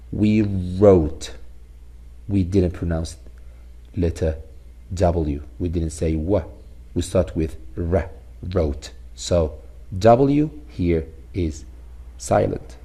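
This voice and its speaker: A male teacher giving a recorded phonics lesson, explaining slowly and repeating sounds and example words. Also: low voice, dark tone.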